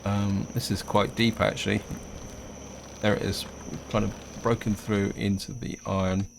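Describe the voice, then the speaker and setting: A man's voice: fairly low pitch, moderate pace, vocal fry, background noise. A man casually commenting on his own gameplay, thinking aloud as he plays. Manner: relaxed, thinking aloud while playing. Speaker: gaming video host.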